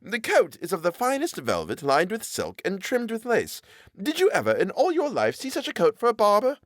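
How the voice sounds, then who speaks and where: A man's voice: high voice, huge pitch swings, normal speed, dry recording, clean studio sound, voice pushed up. A man doing a blustering gossipy tailor. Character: boastful chatty male tailor. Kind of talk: audiobook character voice.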